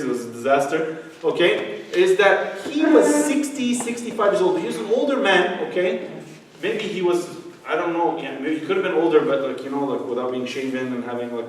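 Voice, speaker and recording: A man's voice: fairly high pitch, a little hiss or hum. A young man giving a youth sermon, telling a story and then preaching with rising emphasis. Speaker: youth speaker. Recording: echoey hall, heard from far off.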